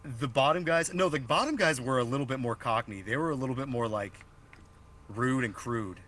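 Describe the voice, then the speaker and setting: A man co-hosts a podcast in a loose, joking way, laughing often and tripping over his own restarts. His voice sits at an ordinary middle pitch. A faint hiss runs under the recording. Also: normal speed, fairly bright tone. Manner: loose and joking, swears freely. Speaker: podcast co-host. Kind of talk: casual chat.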